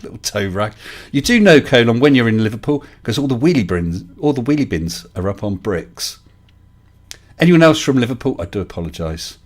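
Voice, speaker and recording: A man's voice: medium pitch, very animated, a little fast. A middle-aged man, hosting a casual live-stream chat from his home desk, joking and talking to viewers by name. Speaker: livestream host.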